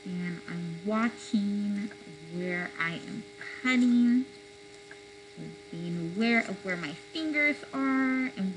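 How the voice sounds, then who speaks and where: A woman's voice: mid-range voice, low-quality recording. A woman giving children careful, step-by-step craft instructions with attention to safety. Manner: gentle, careful, safety-minded explaining. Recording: faint mains hum.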